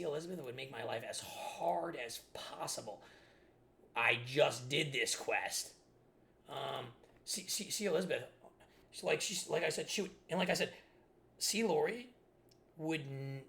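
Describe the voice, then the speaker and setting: A young gaming streamer with a gravelly voice on the high side and a fairly bright tone tells a story about his childhood while playing a game. He sounds exasperated and rambles casually, restarting often.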